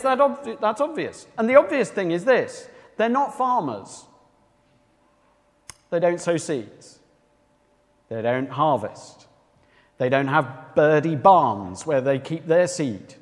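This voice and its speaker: A man preaching a sermon with emphasis, often asking his listeners rhetorical questions. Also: fairly high pitch. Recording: long reverb of a hall.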